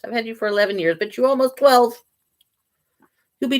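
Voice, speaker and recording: A woman's voice: fairly high pitch, fairly quick, long pauses. A woman selling online, chatting casually on a live stream while packing orders and baby-talking to her pets. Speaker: online seller.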